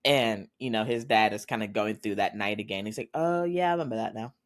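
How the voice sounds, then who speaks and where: A woman hosting a podcast, casually recapping a drama episode and retelling its scenes, her voice jumping up when she gets excited. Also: a little fast. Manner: animated retelling, voices quotes in a lower flat tone, squeals when excited. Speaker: podcast host.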